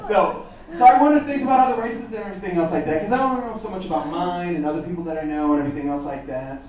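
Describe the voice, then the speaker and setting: A man from Texas performing a stand-up comedy set at a pub, talking to the crowd with quick asides. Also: sits high. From Texas, USA. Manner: animated, conversational, frequent asides to the crowd. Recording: echoey distant muffled pub recording, crowd.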